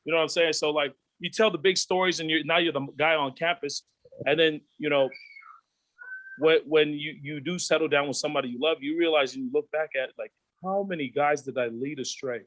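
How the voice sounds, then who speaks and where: Profane, animated man telling stories. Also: on the high side, a little fast, no room sound, low-quality recording. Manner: profane, animated, acts out voices of peers. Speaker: podcast guest. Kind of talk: candid storytelling.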